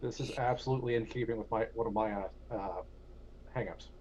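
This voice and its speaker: A man's voice: lowish voice, fairly even intonation, a little mellow. A man playing in a tabletop role-playing game, speaking formally in character. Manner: formal, measured in-character speech. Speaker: player. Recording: dull lo-fi audio with faint noise.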